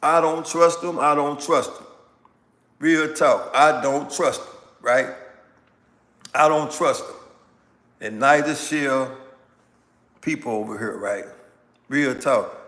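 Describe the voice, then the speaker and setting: A man hosts a live stream and reacts to viewer comments in a loose, animated way, often repeating himself for emphasis. He speaks slowly in a bright, slightly raised voice. The room carries a long reverb. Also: on the high side. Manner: animated, repetitive, talks back to viewers. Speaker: livestream host. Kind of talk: casual political commentary reading chat.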